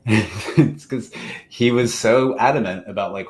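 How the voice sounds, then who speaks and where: American man, entrepreneur panelist, casual anecdotes, lowish voice, faint ambience. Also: takes it slowly, darkish tone, a little hiss or hum. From United States. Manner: casual, self-deprecating, with fillers and anecdotes. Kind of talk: panel discussion.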